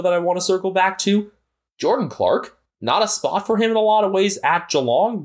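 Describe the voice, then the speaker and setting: An American man co-hosting a podcast, chatting casually and analytically about football. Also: mid-range voice. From United States. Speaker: podcast co-host. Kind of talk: casual sports chat.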